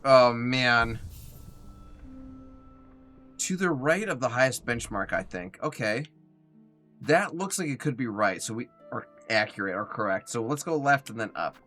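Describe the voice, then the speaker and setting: A man's voice: medium pitch, lively intonation, unhurried, pauses often, a bit bright, soft background music. A young man chatting casually while live-streaming a game, reading chat aloud and sounding a bit tired and yawny. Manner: chatty, reads chat aloud, talks to himself while playing. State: yawning, tired.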